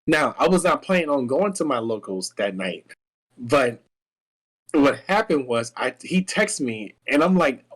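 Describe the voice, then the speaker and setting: A young man telling a long personal story in casual chat, rambling and restarting often, animated. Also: mid-range voice, unhurried, slightly rough, low-quality recording. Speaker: guest.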